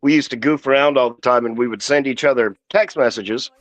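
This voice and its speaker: A man's voice: mid-range voice, brisk, fairly bright tone, no echo. A man joining a casual stream chat as a guest, telling easygoing stories. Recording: dull dry lo-fi audio.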